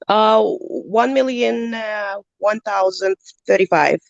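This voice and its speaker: A nervous woman calls in to ask a coach about her first deal. She hesitates a lot, with many ums and small laughs between her thoughts. Her voice sits at a middle pitch and sounds dry and close. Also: slow, gravelly, no room sound, lo-fi sound. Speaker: caller, new wholesaler. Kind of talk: call-in question to a coach.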